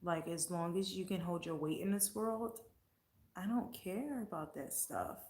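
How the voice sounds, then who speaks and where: A woman's voice: lowish voice, measured pace, darkish tone, reverberant. A woman vlogger chatting casually and answering comments, blunt and profane, getting heated as she talks.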